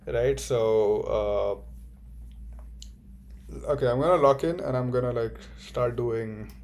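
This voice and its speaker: A young man delivers a comedic monologue as a job-hunting student, swearing often and rambling excitably with sudden outbursts. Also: mid-range voice, slow pace.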